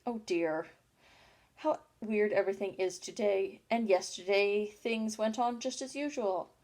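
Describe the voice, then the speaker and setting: A woman's voice: medium pitch, unhurried, a little mellow, close to an everyday voice. A curious, chattering young girl from a storybook, read by a woman in her own voice. She talks to herself in a fussy, wondering way, as if puzzling everything out aloud. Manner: fussy, wondering self-talk. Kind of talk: audiobook character reading.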